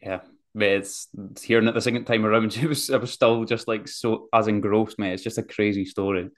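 A man's voice: fairly low pitch, fairly even intonation, a little fast. A man hosting a podcast, chatting casually with his guest, laid-back and rambling as he builds up to his questions. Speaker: podcast host. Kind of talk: casual interview chat.

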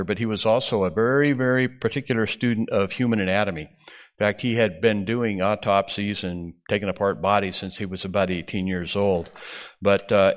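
Man, bible teacher, lower voice, explanatory lecture, some fillers. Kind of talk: classroom lecture with slides.

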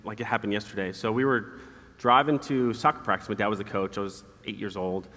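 Low-ish voiced guy telling his story fast, long echo like a big hall. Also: bright, forceful tone. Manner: quick, earnest, laughs at his own stories. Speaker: guest. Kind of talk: candid storytelling interview. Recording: hall reverb.

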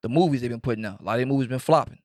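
A man co-hosting a sports podcast, teasing and animated in casual chat. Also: medium pitch, racing, no room sound, studio quality. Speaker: podcast co-host.

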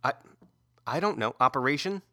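A man co-hosting a comedy podcast, riffing with deadpan absurd bits in casual chat. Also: mid-range voice, moderate pace, no echo, clean studio sound. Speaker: podcast co-host.

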